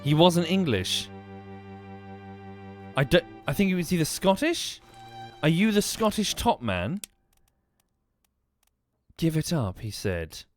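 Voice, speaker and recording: A man's voice: fairly high pitch, sing-song, measured pace, long pauses, faint music behind. A man streaming a game, thinking aloud and questioning the characters on screen. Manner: musing aloud, talking to characters. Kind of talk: live game commentary.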